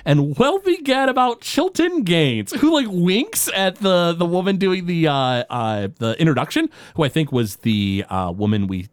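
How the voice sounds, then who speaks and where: A man's voice: on the high side, big pitch swings, a little slow, hardly any pauses, no room sound. A man co-hosting a podcast, rambling through an episode recap with lots of filler words. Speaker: podcast co-host. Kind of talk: casual recap chat.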